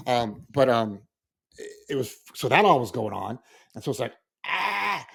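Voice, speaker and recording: Animated man telling a work story. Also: medium pitch, normal speed, gravelly, breathy edge. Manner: animated storyteller acting out his own reactions. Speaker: school librarian. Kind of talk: casual chat.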